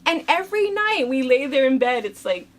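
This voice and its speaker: Woman, middle-aged, casual chat co-host, animated storytelling, frequent laughter, very lively pitch, faint background noise. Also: moderate pace. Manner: animated storyteller, laughing often, acting out family voices.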